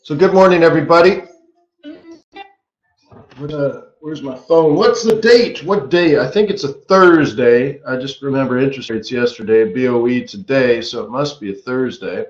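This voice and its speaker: A man's voice: mid-range voice, soft background music. Man, forex stream host, casual rambling teacher, tired, echoey dull-sounding room. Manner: chatty and rambling, with quick rote disclaimers. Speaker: forex market strategist hosting a live trading stream.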